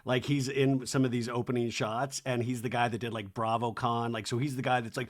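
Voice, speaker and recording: A podcast host with a mid-range voice talks briskly with few pauses, giving a comedic recap of a reality-TV episode. His animated monologue is jokey and packed with impressions and the word "like."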